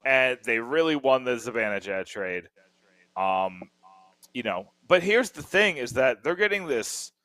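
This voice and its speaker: A man co-hosts a casual sports podcast and rants with lots of heat. His pitch swings widely as he talks. The recording is dry and close. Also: no room sound. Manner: animated, heated rants. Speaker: podcast co-host.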